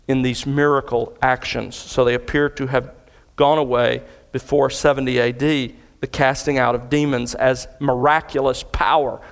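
A man's voice: mid-range voice, vocal fry. A middle-aged man preaching an expository sermon as a pastor, earnest and emphatic as he explains scripture verse by verse. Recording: long hall reverb.

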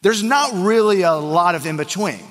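A fairly high-voiced man preaching to his congregation in a church. He tells a story in a loose, chatty, joking way. His voice carries a long reverb from the big sanctuary. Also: expressive, normal speed, fairly bright tone. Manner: conversational and joking, acts out quoted voices. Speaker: pastor. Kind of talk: sermon with storytelling.

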